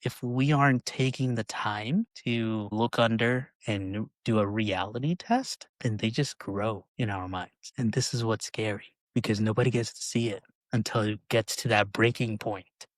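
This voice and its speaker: A man's voice: lowish voice, measured pace, hardly any pauses, dry recording. A man hosting a podcast, chatting casually and often checking in with "right?". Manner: conversational, frequent "right?" tags. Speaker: podcast host.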